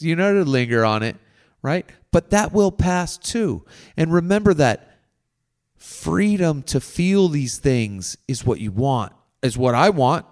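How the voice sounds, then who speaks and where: A man talking through his feelings in a slow, wandering monologue, often asking "right?" and sometimes dropping to a soft, near-whispered voice. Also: on the high side, clean tone. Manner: slow, meandering, repeats "right?". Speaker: podcast host. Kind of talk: reflective spoken monologue.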